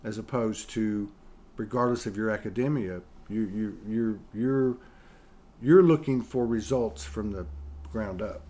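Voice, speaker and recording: A man's voice: lowish voice, a little slow, mellow. Rambling male podcast host. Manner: rambling, restarting sentences. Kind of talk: casual interview.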